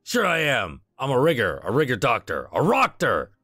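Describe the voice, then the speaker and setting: A man's voice: medium pitch, huge pitch swings, moderate pace, sharp tone, no echo, clean studio sound, voice pushed up, heavily acted. A man voicing a cheerful, hungover cyber-doctor in his forties with a loose Midwestern accent, his words piling together. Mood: jovial.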